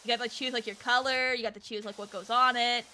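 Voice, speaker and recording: Woman, streamer, high voice, bright tone, casual rambling story, lots of fillers. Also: steady tone, fast talker, a little hiss or hum. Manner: rambling, full of fillers and restarts; acts out quoted people in the story. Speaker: VTuber streamer. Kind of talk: casual storytelling while gaming.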